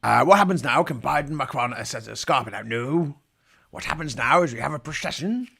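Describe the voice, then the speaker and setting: A man's voice: mid-range voice, a little fast, gravelly, a bit bright, breathy edge. A man giving irreverent live commentary in a mock pirate voice, dropping growling asides between jokes. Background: faint music from the broadcast feed.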